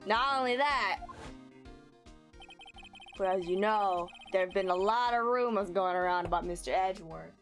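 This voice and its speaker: A woman voicing a gruff, earnest male police detective with a put-on New York accent, talking in a sheepish, plain way. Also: medium pitch, moderate pace, long pauses, faint music behind, pitched below the performer's own voice, lightly acted.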